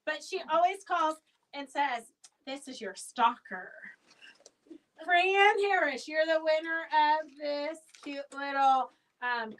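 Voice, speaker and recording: A fabric shop owner hosts a live sale stream, rambling as she chats and calling out auction winners by name. Her voice is high-pitched and a bit bright, captured from a distance in a rough recording.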